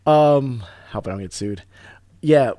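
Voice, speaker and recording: A man hosting a talk radio show, telling stories in a casual, animated way, often restarting words. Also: medium pitch. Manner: animated storyteller, fast bursts, repeats and restarts words. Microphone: studio microphone.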